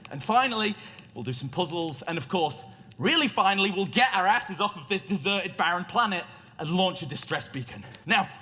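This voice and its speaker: A man's voice: high-pitched, animated, normal speed, bright, forceful tone. A man giving a theatrical, joking tech talk as a conference speaker in a large hall. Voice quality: playful, joking showman delivery. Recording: reverberant hall.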